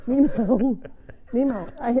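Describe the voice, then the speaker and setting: A woman's voice: on the high side, takes it slowly. A woman hosting a live farm sanctuary stream, chatting casually while she coaxes animals and explains barn chores. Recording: muffled lo-fi audio with faint noise.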